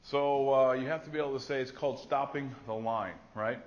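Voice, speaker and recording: A middle-aged man teaches a class of health workers in a conversational, storytelling way, often acting out what people said. His voice sits at an average pitch. The recording is slightly muffled and dull. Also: fairly even intonation, fairly quick. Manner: conversational, storytelling with acted quotes. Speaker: nursing instructor. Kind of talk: classroom lecture.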